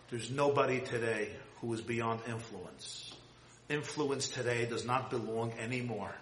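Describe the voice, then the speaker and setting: A man giving an impassioned sermon, swinging from loud high cries to hushed low tones. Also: slight background noise. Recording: roomy hall with long reverb.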